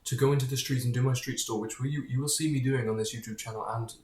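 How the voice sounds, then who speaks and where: Speaking straight to camera, a vlogger delivers a loose, rambling monologue that keeps drifting into tangents, with blunt swearing throughout. His mid-pitched, darkish voice is fast with fairly even intonation, and it echoes around a bare room.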